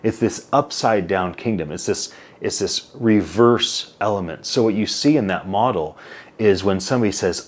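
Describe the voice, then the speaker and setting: A man's voice: lowish voice, moderate pace. A man in his forties, a company CEO being interviewed, telling stories with animation and acting out quotes. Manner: animated storyteller, acts out quotes, many "like" and "right?" tags. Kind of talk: casual interview storytelling.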